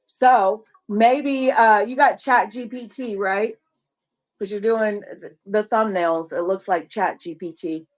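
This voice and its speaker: A woman's voice: medium pitch, slow. A woman with a Southern US accent on a casual livestream, coaching other sellers in a rambling way, often repeating herself and restarting.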